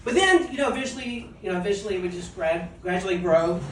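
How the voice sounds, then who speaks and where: A woman's voice: medium pitch, expressive, fast, recorded from a distance, slight background noise. A woman performing a casual, self-mocking stand-up comedy set on a club stage and laughing at her own jokes. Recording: echoey club recorded from afar.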